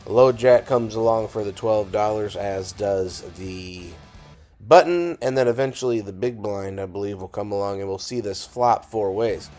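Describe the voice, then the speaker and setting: Hoarse raspy man narrating poker hands. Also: lowish voice, normal speed, a little mellow, faint music behind. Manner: casual, wry, self-deprecating. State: hoarse, dry scratchy throat. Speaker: poker vlogger.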